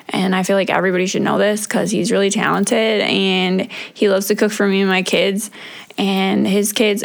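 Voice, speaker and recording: A woman's voice: medium pitch, gravelly. Middle-aged woman rambling on her podcast, super casual, cussing, "like" every other word. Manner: chatty and profane, many "like" fillers. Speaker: podcast host. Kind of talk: casual solo podcast chat.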